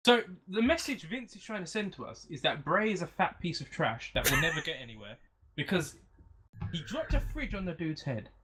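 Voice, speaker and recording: A man's voice: fairly high pitch, very animated, brisk, bright, forceful tone, slight background noise. A man co-hosting a podcast, arguing his point in an indignant, insistent way. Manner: indignant, argumentative, driving his point home. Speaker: podcast co-host. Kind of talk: casual chat.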